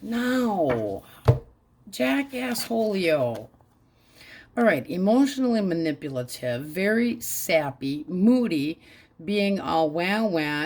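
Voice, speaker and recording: Woman, tarot reader, casual reading, blunt, crude, frank, slow-paced. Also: lowish voice, lively intonation, a little mellow.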